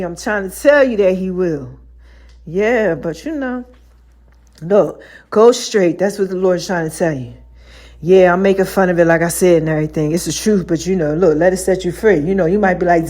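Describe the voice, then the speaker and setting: A woman hosting her own podcast, telling personal stories in a loose, chatty way, laughing often and acting out other people's lines. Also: mid-range voice. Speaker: podcast host. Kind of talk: casual storytelling monologue.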